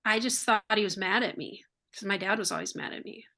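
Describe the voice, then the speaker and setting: An older American woman sharing her faith testimony as an interview guest, earnest and heartfelt, sometimes rushing through words. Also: mid-range voice, vocal fry, pushed and bright. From United States. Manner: earnest and heartfelt, quick bursts.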